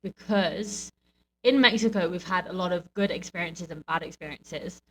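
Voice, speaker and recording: A woman's voice: on the low side, normal speed, fairly bright tone, a little hiss or hum, low-quality recording. A woman who wrestles, co-hosting a podcast in casual, chatty conversation. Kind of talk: casual chat.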